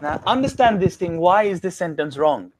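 A man teaching a classroom grammar lesson, often stopping to ask the students whether it is clear. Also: high-pitched, very animated, moderate pace, slight background noise. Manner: keeps checking understanding with questions.

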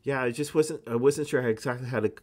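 A man's voice: medium pitch, quick pace, darkish tone. A man co-hosting a casual spiritual podcast, rambling with lots of ums and restarts. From Canada. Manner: rambling, many fillers and restarts. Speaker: podcast co-host.

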